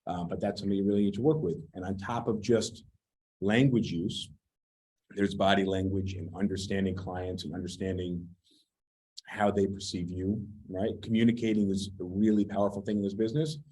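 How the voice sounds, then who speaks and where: A man's voice: deep voice, fairly even intonation, brisk, warm tone, poor audio. A man giving a casual real estate training talk, blunt and sometimes swearing as he picks apart advice. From United States.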